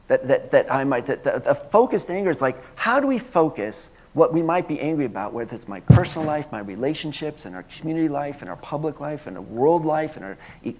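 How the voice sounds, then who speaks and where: A male minister preaching a sermon, earnest, often repeating and restarting words, then moving into a slow hushed guided prayer. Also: on the high side. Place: church sanctuary.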